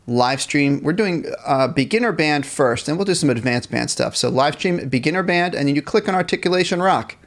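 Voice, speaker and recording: Male band teacher on a live stream, voice a bit high, explaining and counting in for players at home. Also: expressive, fairly quick, few pauses. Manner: talks to viewers and reads the chat, counts off rhythms. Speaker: music teacher.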